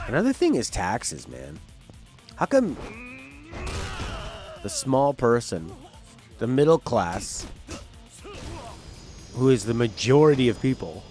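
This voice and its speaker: A man's voice: mid-range voice, darkish tone. A male game streamer rambling through casual, opinionated, jokey commentary while he plays.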